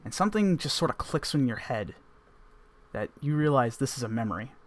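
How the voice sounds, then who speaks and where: A man's voice: mid-range voice, expressive, brisk. Man narrating as game master. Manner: descriptive, loose and rambling.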